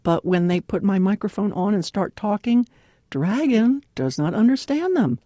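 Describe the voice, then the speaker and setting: A woman giving a devotional talk in an earnest, clearly enunciated way, laughing often. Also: medium pitch, lively intonation, normal speed, dark tone, dry recording, clean studio sound. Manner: clear, carefully enunciated delivery. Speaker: devotional speaker.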